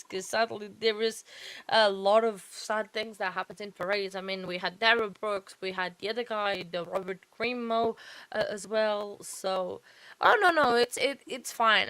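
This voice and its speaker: A weary woman hosting a late-night trial-watch stream. She rambles casually in a mid-pitched voice, correcting herself often. Her voice sounds close and dry. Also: fairly bright tone, no echo. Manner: chatty and rambling, with many fillers and self-corrections. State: tired and yawning late at night. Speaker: host of a true-crime trial-watch livestream. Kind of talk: casual live commentary.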